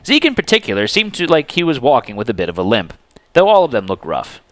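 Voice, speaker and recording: A man narrating a fantasy story aloud in an expressive, animated dramatic reading. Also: medium pitch, fast, dry recording.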